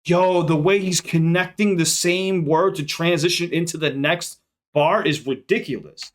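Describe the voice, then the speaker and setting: A man's voice: a little high, measured pace. A man hosting a music reaction video, talking casually, swearing freely and stopping often to break down lyrics. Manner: excitable, swears casually, stops to unpack lyrics. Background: hip hop track playing faintly.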